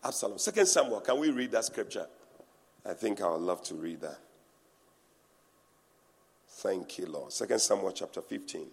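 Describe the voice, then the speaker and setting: A man preaching a sermon, animated and teasing, breaking into laughter and acting out what people say. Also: on the low side, moderate pace, gravelly, long pauses, husky. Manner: animated preaching with laughter and mimicry of church talk. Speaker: pastor. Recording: reverberant hall.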